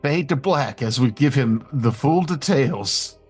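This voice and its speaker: A man's voice: medium pitch, animated, unhurried, breathy edge, faint music behind. A man playing in a tabletop game, talking casually and playfully. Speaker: player. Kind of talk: casual play talk.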